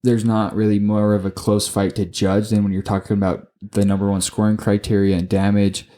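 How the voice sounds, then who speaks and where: A young man co-hosting a sports podcast, swearing constantly and tripping over his words as he rushes through his opinions. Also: lowish voice. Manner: profane, excitable, stumbles and repeats words. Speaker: podcast co-host. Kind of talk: casual sports chat.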